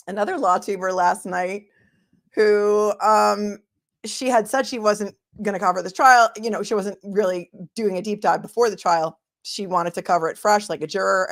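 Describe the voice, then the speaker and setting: A middle-aged woman with a Boston accent talks casually into a desk mic, thanking viewers one by one and musing aloud. Her voice sits at an ordinary pitch with a gravelly, fry-tinged texture. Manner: chatty, warm thanks to viewers, thinks aloud. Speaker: attorney and trial commentary host. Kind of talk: casual livestream chat reading super chats.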